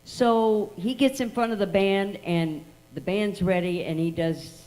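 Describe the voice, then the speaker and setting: A woman's voice: fairly low pitch, slow pace, hardly any pauses, warm tone, rough recording. A woman telling a tribute story to an audience at an event, acting out the dialogue as she goes. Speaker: tribute speaker.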